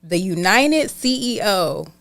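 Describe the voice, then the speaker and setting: A woman's voice: mid-range voice, lively intonation, slow, gravelly, fairly bright tone. A woman hosts a podcast in a casual, conversational way. She speaks emphatically and affirms what her guest says, and at times she turns to address the camera directly. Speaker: podcast host.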